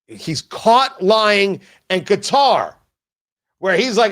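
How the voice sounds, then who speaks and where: A man's voice: high-pitched, sing-song, slow pace, a bit bright. A man hosting a political commentary show, sarcastic and exasperated, often stumbling over restarts. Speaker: talk show host.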